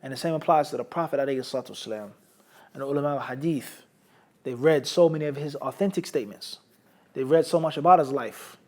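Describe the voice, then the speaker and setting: A man's voice: mid-range voice, fast, dark tone. A man teaching a hadith studies class, explaining through everyday examples, checking in with the class and mixing Arabic terms into English. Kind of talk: Islamic studies lecture.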